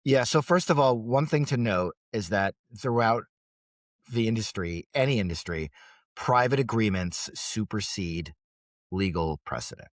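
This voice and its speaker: A man co-hosting a podcast, explaining points in a measured, lecturing way. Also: lowish voice, expressive, dry recording, studio quality. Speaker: podcast co-host. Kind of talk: casual podcast discussion.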